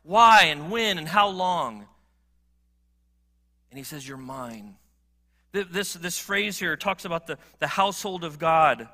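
A middle-aged male pastor preaching a sermon, earnest and swinging from emphatic appeals to quiet, low moments. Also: animated, unhurried, pauses often.

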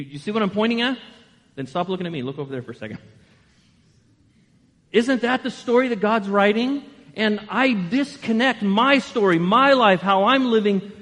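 A man preaching a sermon as pastor, animated and asking the congregation rhetorical questions. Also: high voice, in a large hall.

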